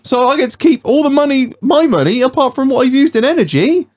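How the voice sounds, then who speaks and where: A man's voice: very high-pitched, lively intonation, fairly quick, no room sound. A man hosting a podcast in casual chat, telling stories with lots of swearing. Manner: sweary storytelling. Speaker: podcast host.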